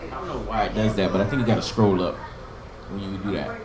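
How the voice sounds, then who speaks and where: A man's voice: fairly low pitch, fast talker, reverberant, a crowd in the background. A man teaching an informal Hebrew class, patiently sounding out and repeating each word and giving memory tricks. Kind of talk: informal online language lesson.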